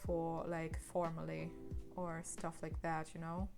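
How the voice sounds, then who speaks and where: A woman's voice: sits low, completely flat delivery, unhurried, creaky. A woman with a German accent, a native German speaker, chatting casually on an art stream and reading chat messages aloud. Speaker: co-host streamer. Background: soft background music.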